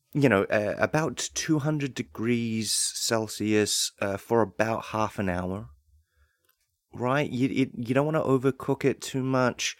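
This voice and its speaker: A man's voice: mid-range voice, no echo. Rambling New man, dry studio sound. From New Zealand. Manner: rambling, deadpan absurd, excitable asides. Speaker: podcast host. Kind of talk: comedic podcast monologue.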